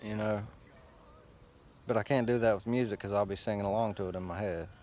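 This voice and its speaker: Man, lowish voice, casual rambling monologue, profane, meandering, outdoors against a tree, faint ambience. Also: steady tone, brisk, a little mellow, a little hiss or hum. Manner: loose, profane, meandering talk with frequent fillers. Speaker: host.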